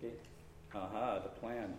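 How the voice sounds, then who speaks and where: A man's voice: on the low side, steady tone, normal speed. A middle-aged man giving an informal church talk, telling a personal story in a rambling way, full of fillers and restarts. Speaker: lay speaker at church. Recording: echoey hall, speaker far from mic.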